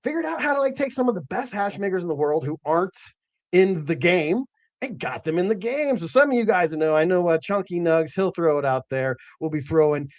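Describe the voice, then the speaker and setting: A man hosts a late-night cannabis growing show, rambling through stories with many fillers and the occasional curse. His voice sits high and is expressive and fairly quick, with no room sound.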